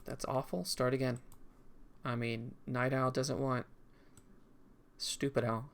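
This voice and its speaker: A man's voice: medium pitch, level tone, takes it slowly, vocal fry, pauses often. A man streaming a video game in casual commentary, rambling and talking to himself as he goes. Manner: rambling, talks to himself while drawing.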